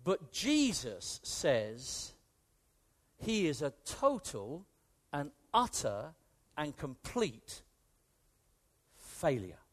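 A British man preaching a sermon with a British accent, in an animated, conversational way that swings from hushed to emphatic. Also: a little high, extremely slow. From Britain.

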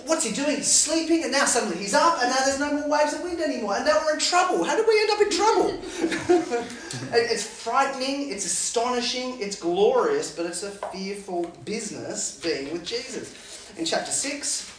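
A preacher giving an animated sermon, laughing between Bible readings and acting out the confused disciples. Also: mid-range voice, normal speed, slight background noise. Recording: echoey hall, voice picked up from a distance.

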